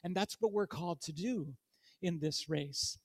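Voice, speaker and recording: A man with a notably high voice preaches in a church. He reads scripture aloud, then speaks conversationally and turns to the congregation with direct questions. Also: unhurried. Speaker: guest preacher. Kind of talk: sermon.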